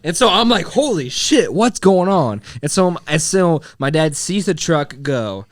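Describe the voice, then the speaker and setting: A man's voice: fairly high pitch, big pitch swings, unhurried. A young man co-hosting a podcast, telling a story in casual chat, swearing and laughing along the way. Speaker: podcast co-host.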